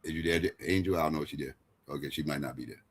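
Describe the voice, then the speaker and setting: A man's voice: very deep voice, very fast, breathy edge. Rambling, profane man moderating. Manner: profane, rambling, many restarts, keeps asking "right?". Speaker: debate moderator and host. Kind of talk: casual post-debate commentary.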